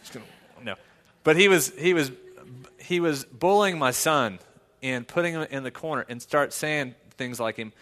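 Pastor preaching in an echoing hall. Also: male voice, fairly high pitch, normal speed. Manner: conversational storytelling, swings loud and emphatic. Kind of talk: sermon.

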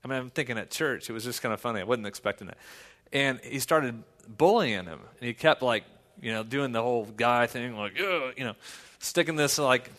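Male pastor, sermon delivery, casual storytelling building to forceful emphasis; reverberant hall sound. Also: mid-range voice. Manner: conversational storytelling, swings loud and emphatic.

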